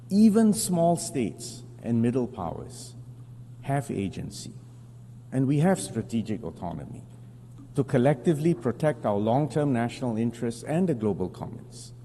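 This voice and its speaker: A man from Singapore giving a formal diplomatic speech at a podium, measured and emphatic with deliberate pauses. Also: medium pitch, mellow. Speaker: foreign minister addressing the assembly. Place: large assembly hall. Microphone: podium microphone. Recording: reverberant hall broadcast with faint hum.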